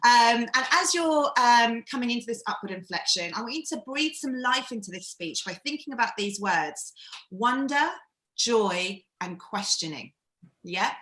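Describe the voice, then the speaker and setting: A woman leads a live-streamed acting workshop, coaching in a chatty, encouraging way. Her voice is bright and forward. She sounds echoey, as if on a video call from a bare room. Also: a little high, lively intonation, moderate pace.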